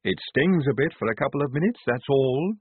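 A man voicing a young female Igor who speaks with a lisp, in a calm matter-of-fact way. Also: medium pitch, fairly quick, slightly rough, dry recording, pitched above the performer's own voice. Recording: tinny phone-like sound.

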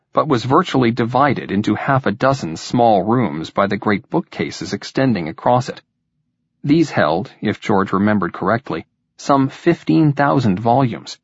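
Male audiobook narrator, low husky voice, measured delivery, dull lo-fi sound. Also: no room sound. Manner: measured, even storytelling. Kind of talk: scripted narration. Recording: dull, dry lo-fi recording.

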